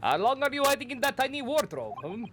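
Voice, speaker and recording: A man voicing a gruff male sailor with a put-on Russian accent, blunt, menacing and in broken phrasing. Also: extremely high pitch, sing-song, fast talker, fairly bright tone, voice pushed up, heavily acted. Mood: accusing.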